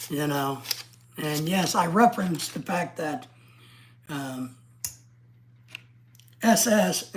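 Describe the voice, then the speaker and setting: A middle-aged woman from the United States hosting a casual livestream, ranting in an excitable, blunt and profane way. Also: fairly low pitch, a little hiss or hum. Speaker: livestream host.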